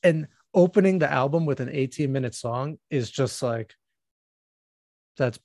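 A man co-hosting a music podcast, his voice gravelly and fry-laden. He rambles casually with lots of fillers and restarts. The sound is close and dry. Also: medium pitch, unhurried, a little mellow, no echo. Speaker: podcast co-host.

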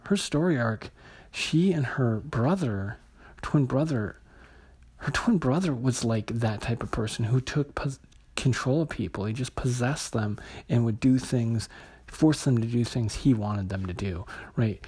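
A man's voice: medium pitch, measured pace, darkish tone, breathy edge. A man casually retelling and reviewing a comic book issue, hesitant, with many fillers and restarts.

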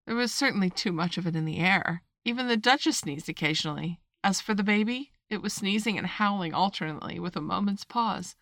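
A woman narrating a children's classic in an even, measured audiobook reading. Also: medium pitch, dry recording, studio quality.

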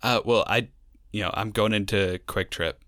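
A man's voice: fairly low pitch, fairly even intonation, moderate pace, sharp tone, dry recording, clean studio sound. A young man co-hosting a casual podcast, talking in a wry, sarcastic way and rambling through his stories. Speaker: podcast co-host. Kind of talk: casual chat.

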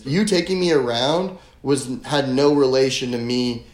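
A man's voice: medium pitch, a little slow, hardly any pauses, darkish tone. A young man telling a story in casual podcast chat, rambling with lots of filler words and swearing. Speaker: guest. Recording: roomy echo.

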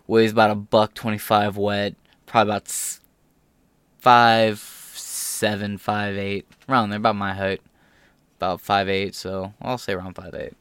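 A man's voice: fairly low pitch, smooth, dry recording. Guy hosting his podcast, fired up storytelling, swears a bit, dry close sound. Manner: animated storytelling, swearing, voice rising when quoting. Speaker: podcast host. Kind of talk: casual podcast monologue.

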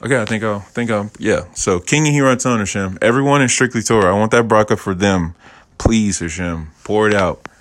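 A man's voice: fairly low pitch, brisk, a bit bright. A man giving a casual, enthusiastic Torah teaching, rambling with playful asides and restarts.

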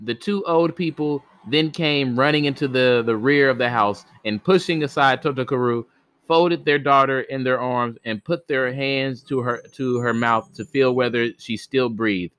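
A man's voice: medium pitch, moderate pace, fairly bright tone, clear, resonant tone, no echo. Man reading an old folk tale. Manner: plain reading with frequent stumbles and restarts. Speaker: podcast storyteller.

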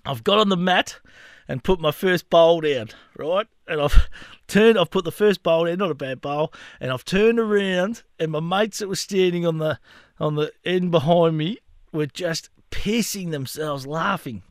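A man's voice: on the high side, moderate pace, dry recording, clean studio sound. A man in his thirties, hosting a podcast and telling a rambling, funny story in casual chat, often laughing at himself. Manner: animated yarn-spinning, laughing at his own stories. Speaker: podcast host.

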